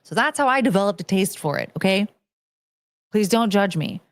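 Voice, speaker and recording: Brief: thirties woman host, blunt, swears casually, animated delivery, dry voice. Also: mid-range voice, normal speed, no room sound. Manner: blunt, profane, animated, mocking voices in quotes. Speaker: streamer host reading chat. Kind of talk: casual chat.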